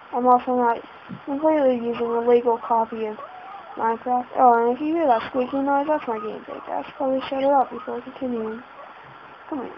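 A woman's voice: fairly high pitch, slight background noise. Flustered woman gamer, dull lo-fi audio. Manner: flustered, keeps exclaiming in panic. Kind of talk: casual let's-play commentary. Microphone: laptop setup. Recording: dull lo-fi home recording.

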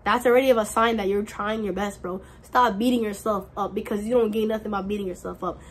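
A woman's voice: medium pitch, steady tone, quick pace, husky. A woman in her early twenties chatting casually to camera as a vlogger, slangy and earnest, repeating her points as she encourages her viewers. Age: early 20s. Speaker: vlogger giving college advice. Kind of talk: casual direct-to-camera chat.

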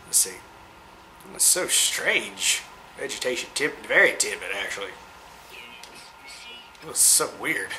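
A man giving chatty, excitable let's-play commentary, cooing at the creatures he meets. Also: mid-range voice, a little slow, pauses often, slight background noise, poor audio. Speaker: gamer.

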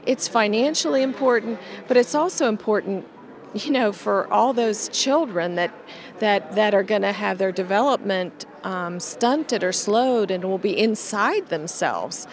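A woman's voice: medium pitch, lively intonation, a little slow. Earnest woman legislator interviewed. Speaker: legislator, bill sponsor. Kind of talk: interview comments.

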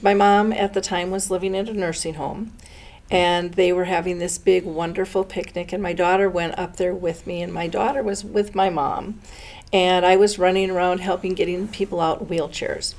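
Earnest storytelling woman, gravelly voice. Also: lowish voice, fairly even intonation, normal speed, a little mellow. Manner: earnest, dramatic retelling with voiced quotes. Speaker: dementia educator and host. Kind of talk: conversational storytelling.

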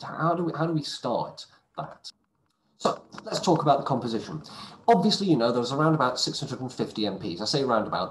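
A man teaching a recorded lesson to his students, talking briskly and discursively, with asides and self-corrections. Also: mid-range voice. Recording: echoey room recording.

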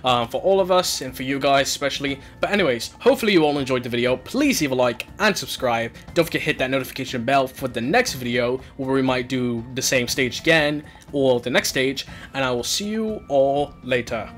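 A man commentating his own racing game play, excitable, shouting and laughing at the game. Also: mid-range voice, brisk, few pauses, soft background music. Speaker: gaming channel host.

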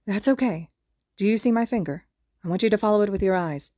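A woman voicing an earnest young man working as a medic, calm and kind with patients, in a fan podfic. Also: medium pitch, fast, dry recording, clean studio sound, natural voice. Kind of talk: podfic character reading.

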